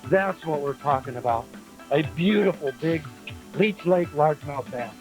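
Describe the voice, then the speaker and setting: A man fishing from a boat on a lake, talking about bass and then exclaiming loudly as he lands a big fish. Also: moderate pace, over music. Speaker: tournament angler. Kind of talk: excited on-water fishing commentary.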